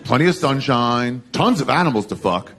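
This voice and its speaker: A man's voice: mid-range voice, expressive, normal speed, roomy sound. A man voicing Adam as an eager, crude, slacker-style dude. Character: eager, horny dude-talking male Adam. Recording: live comedy set with loud crowd laughter.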